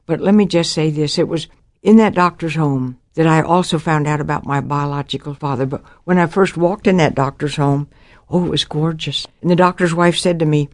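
A woman's voice: low-pitched, normal speed, darkish tone, dry recording, studio quality. An older woman giving a Christian testimony about her life, telling it dramatically and acting out the voices of the people in her story.

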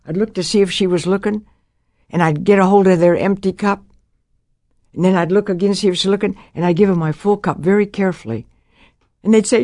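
An older woman recounts her childhood in a lively storytelling testimony. Her voice sits at a middle pitch and swoops upward when she acts out what others said. The sound is dry and close. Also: fairly quick, dry recording. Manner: animated, acts out quotes with big pitch jumps. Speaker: speaker giving a personal testimony.

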